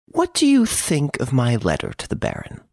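A man reading an audiobook, voicing a suave, boastful gentleman thief who mocks his jailers from his prison cell. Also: medium pitch, wildly swooping pitch, normal speed, vocal fry, no echo, clean studio sound, pitched above the performer's own voice, full character voice. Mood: mocking, playful. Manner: playful, teasing, boastful.

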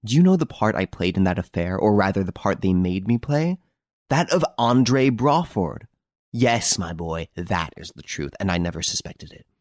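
A man voicing a proud, indignant gentleman thief. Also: low voice, sing-song, normal speed, no room sound, clean studio sound. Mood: bitter. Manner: indignant, mocking outbursts. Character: proud, irritable middle-aged gentleman thief. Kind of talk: audiobook character reading.

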